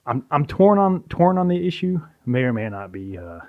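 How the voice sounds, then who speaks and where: A man, a pharmacist, chatting as a podcast guest in a measured, explanatory way. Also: a little high, big pitch swings, creaky. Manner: explanatory, measured, some restarts. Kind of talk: casual podcast chat. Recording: dull lo-fi podcast audio.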